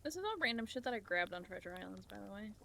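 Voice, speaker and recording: A woman's voice: mid-range voice, big pitch swings, racing, vocal fry, bright, forceful tone, a little hiss or hum. A woman livestreaming, chatting casually with her viewers as she plays, giggling often and swearing offhandedly. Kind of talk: casual chat while playing a game. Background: game music.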